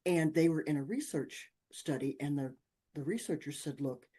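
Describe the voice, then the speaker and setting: A woman's voice: normal speed, slightly rough. Older lady guest telling funny stories, does all the voices, laughs a lot. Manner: animated, acts out dialogue with big pitch jumps, laughs often. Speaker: podcast guest, author. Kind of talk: storytelling in casual chat.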